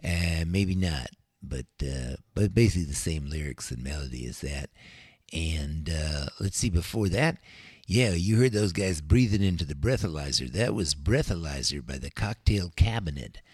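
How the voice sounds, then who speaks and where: An older man spins records and talks between them in a low, husky voice. His chat is laid-back and rambling, full of fillers. The sound is close and dry, right on the studio mic. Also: animated, normal speed, darkish tone, no room sound. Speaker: radio DJ. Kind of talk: casual radio chat.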